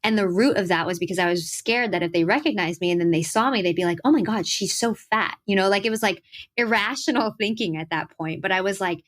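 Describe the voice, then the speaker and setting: A young adult woman who writes and sings her own songs tells lively stories in a relaxed interview, acting out quotes and laughing a lot. Her pitch is medium and she talks quickly.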